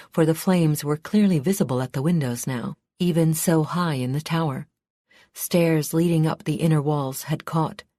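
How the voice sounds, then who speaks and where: A woman reading a fantasy audiobook in a measured, steady storytelling manner. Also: low voice, dry recording, clean studio sound. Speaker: audiobook narrator. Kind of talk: scripted narration.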